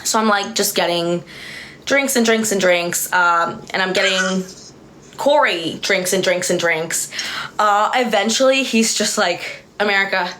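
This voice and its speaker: Her voice sits at medium pitch, unhurried and a bit bright, as she hosts a livestream full of casual chat and storytelling. She rambles and chats freely, gets distracted easily, and laughs a lot while talking.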